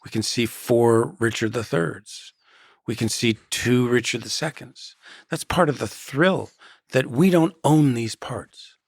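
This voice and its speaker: A man with a gravelly, husky voice talks slowly through his thoughts as an interview guest, circling back and restarting phrases before he lands on a point. The sound is close and dry, with no room around it. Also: mid-range voice, dry recording. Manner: measured, storytelling, restarts phrases. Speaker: actor and guest. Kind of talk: reflective interview talk.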